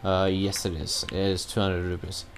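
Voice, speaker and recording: A man's voice: sits low, little pitch movement, normal speed, soft background music. A man giving casual, rambling commentary while he plays a video game, cursing now and then at his own mistakes. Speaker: let's play gamer.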